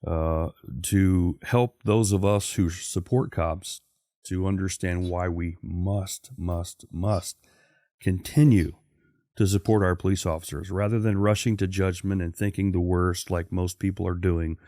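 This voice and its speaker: Male host, ex-cop, deep and earnest, dry close mic. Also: fairly even intonation, measured pace, mellow, dry recording. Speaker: podcast host, retired police officer. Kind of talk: interview talk.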